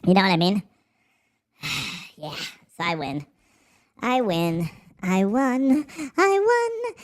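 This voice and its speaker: A live-stream host putting on a high-pitched cartoon voice as a cocky little male turnip, reading chat in a profane, mocking and boastful way. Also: sing-song, takes it slowly, full character voice.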